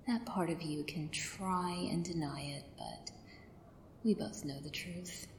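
A woman speaks in a whispered role-play, slipping between a hushed, commanding soft voice and breathy whispers. Her delivery is very slow and unhurried, set fairly low. The recording carries a noticeable roomy echo with a faint hiss behind it.

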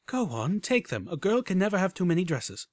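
A man's voice: high-pitched, very animated, brisk, dry recording, pitched above the performer's own voice. Man playing a lilting elegant mare. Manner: lilting, gently teasing. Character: graceful, caring young mare, elegant and poised.

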